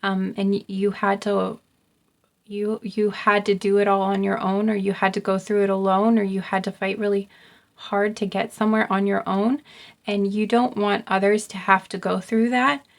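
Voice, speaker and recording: Halting soft-spoken woman card reader. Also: medium pitch, level tone. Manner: soft, halting, repeats herself, many ums. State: getting choked up. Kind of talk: intuitive pick-a-card reading.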